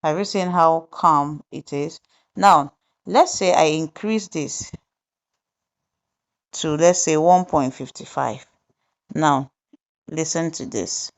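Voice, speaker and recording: A woman hosting a software tutorial, explaining each step deliberately and pausing with fillers as she goes. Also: low-pitched. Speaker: tutorial host. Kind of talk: screen-recorded software tutorial narration.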